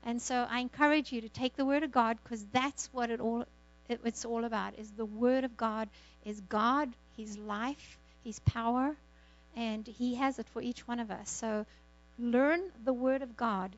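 A woman's voice: fairly high pitch, fairly even intonation, a little slow, highs cut off. A woman pastor exhorting a congregation and praying, fervent, repeating words and saying amen often. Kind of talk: church exhortation and prayer.

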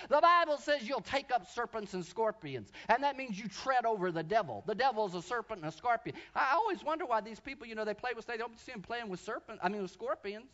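A pastor tells a story from the pulpit in a fairly high voice, dropping into quiet asides and then rising into loud, shouted preaching. His sermon sounds a little muffled, like a church telecast. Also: expressive, a little fast, hardly any pauses.

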